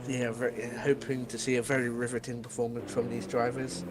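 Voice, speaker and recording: A man's voice: medium pitch, flat delivery, fairly quick, over music. A young man co-commentating a virtual drift event, teasing his partner and laughing often. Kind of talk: live sim-racing commentary.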